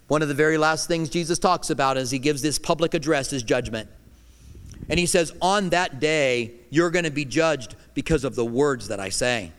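Middle-aged male pastor, emphatic sermon delivery that rises loud and drops hushed, resonant voice, church hall reverb. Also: a little high, normal speed, clean tone. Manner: emphatic preaching, swinging between loud declarations and hushed lines.

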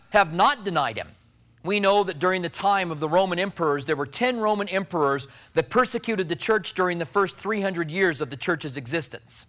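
A male pastor preaching a sermon, storytelling with loud emphasis that drops to low hushed tones.

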